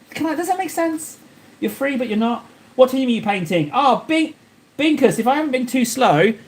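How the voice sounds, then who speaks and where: Male streamer, fairly high voice, rambling and joking with chat as he paints. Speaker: live streamer painting miniatures. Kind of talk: casual live-stream chat while painting.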